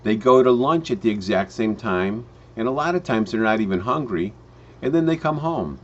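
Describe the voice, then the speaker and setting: A man telling a home-business parable in a storytelling manner, with slow emphatic phrasing and frequent restarts. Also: lowish voice, animated, a little hiss or hum. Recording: dull lo-fi recording.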